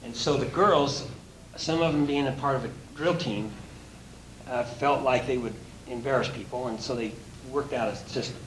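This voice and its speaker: A man's voice: medium pitch, normal speed. A man who works as a motivational speaker and coach, telling anecdotes in a folksy way and chuckling now and then. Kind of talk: anecdotal storytelling talk. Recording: roomy echo with faint hiss.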